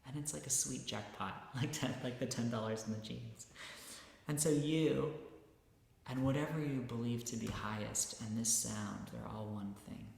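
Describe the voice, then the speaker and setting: Man lecturing in a booming echoey hall. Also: moderate pace, vocal fry. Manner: relaxed, conversational, with many fillers. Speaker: meditation teacher. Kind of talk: spiritual lecture. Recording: very echoey hall, long reverb.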